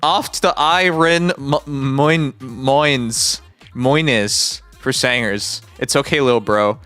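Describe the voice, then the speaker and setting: A Canadian livestreamer chatting casually, animated and mock-indignant, swearing freely. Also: mid-range voice, slow, faint music behind. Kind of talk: casual live-stream chat.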